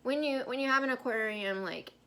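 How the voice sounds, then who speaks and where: A woman's voice: on the high side, a little fast, a bit bright, a little hiss or hum. A woman co-hosting a casual Bible-study chat, telling stories in a rambling way with many fillers. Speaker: co-host.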